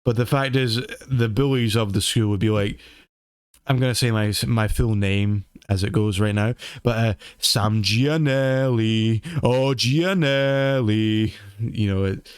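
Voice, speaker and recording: A man's voice: on the low side, steady tone, normal speed, smooth, no echo, clean studio sound. A man chatting casually on a podcast, rambling and repeating words as he thinks. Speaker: podcast co-host. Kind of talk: casual chat.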